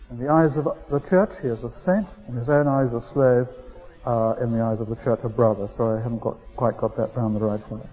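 A man's voice: mid-range voice, fairly quick, slightly rough. A middle-aged man preaching a sermon in a conversational, storytelling manner with rising emphasis. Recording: dull lo-fi recording.

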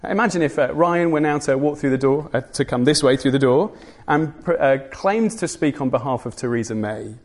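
A man's voice: medium pitch, brisk. A man preaching a sermon, earnest and emphatic, with dry humorous asides.

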